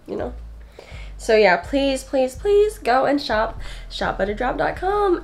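A woman in her twenties, a vlogger doing a casual gift show-and-tell at home, chatty and gushing with frequent giggles, sounding out of breath. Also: medium pitch. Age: 20s. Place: home bedroom.

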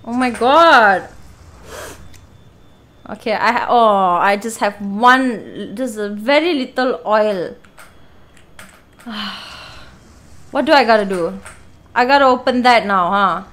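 A woman gamer playing a horror game, panicky and swearing, pleading out loud with the monster chasing her. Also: mid-range voice, takes it slowly, long pauses, poor audio. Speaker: let's play gamer.

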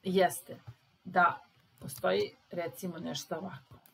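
A woman with a Serbian accent teaching English grammar, patiently stressing example sentences slowly. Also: fairly low pitch, little pitch movement, vocal fry, faint music behind, poor audio.

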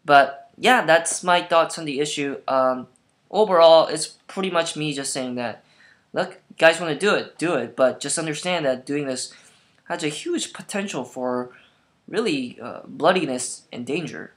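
A man's voice: fairly high pitch, a little slow, a bit bright. A young man talking into a laptop camera in a casual opinion monologue, hesitant and full of ums and restarts. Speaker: vlogger. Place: at home in front of a laptop. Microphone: laptop camera mic.

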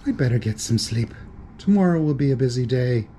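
Guy doing a chipper polite storybook panther, calm and unbothered, lively voice. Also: medium pitch, a little fast, slight background noise, lightly acted. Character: unflappable, genteel male cartoon panther.

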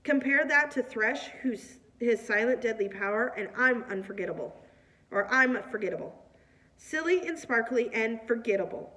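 A woman's voice: on the high side, moderate pace. Woman reading a novel aloud, distant mic. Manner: plain, steady reading with small slips. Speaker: reader.

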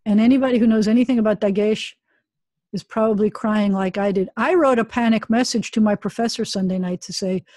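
A woman's voice: a little high, steady tone, a little fast, dark tone, no echo. A woman rabbi teaching a Hebrew class over a video call, chatty and self-deprecating.

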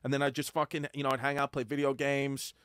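A man on a comedy podcast rattling off crude, self-mocking stories at a quick clip. His voice sits at a middle pitch and sounds dry and up close, with no room echo. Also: level tone, fairly bright tone, clean tone. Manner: self-deprecating, crude, storytelling. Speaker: podcast co-host. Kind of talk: casual comedy podcast storytelling.

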